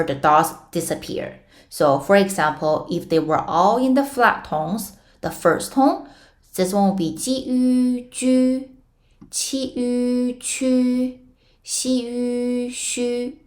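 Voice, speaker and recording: A young woman teaching Mandarin pinyin in a casual online lesson, patiently explaining step by step with playful comparisons. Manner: models tones with sudden high sung-out syllables.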